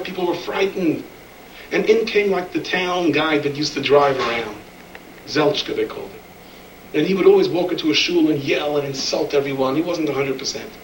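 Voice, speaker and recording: A man delivers a sermon full of stories, switching into the voices of the people he describes. His voice sits a bit high for a man. He is heard from some distance in a roomy, echoing space with faint ambient noise. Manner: animated storyteller, acts out voices in quotes. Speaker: rabbi telling stories. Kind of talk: sermon storytelling. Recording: echoey room, speaker away from the mic.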